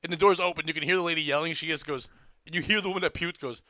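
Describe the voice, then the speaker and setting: A man, a comedian, telling a story on a podcast in an excitable, profane way, acting out the screams of the crowd. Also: on the high side, rapid-fire, no echo, clean studio sound. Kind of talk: animated storytelling.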